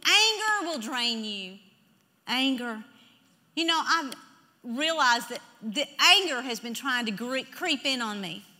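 Woman preacher, high pitched, emphatic sermon, reverberant church hall. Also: sharp tone. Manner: emphatic, leads the congregation in repeating scripture.

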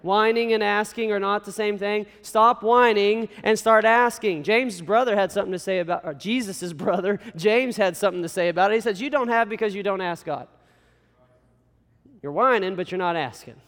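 A man's voice: sits high, normal speed, a bit bright, clean tone. A young man preaching a sermon as pastor, earnest and exhorting, with folksy asides to the congregation. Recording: long hall reverb.

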